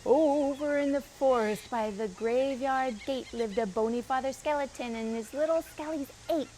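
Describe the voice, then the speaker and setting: A woman reads a children's picture book aloud in a high, bright-pitched voice, turning to the young listeners with questions between pages. Her storytime delivery is expressive. Faint outdoor sounds with birds drift in behind her. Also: normal speed, slight background noise, poor audio. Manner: expressive reading with asides to the children. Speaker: children's librarian.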